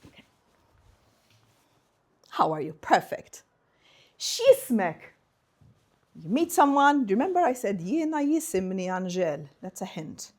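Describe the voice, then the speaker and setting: A woman's voice: mid-range voice, big pitch swings, unhurried. A woman from Malta, giving a university seminar talk and playfully drilling the audience in phrases. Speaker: guest speaker.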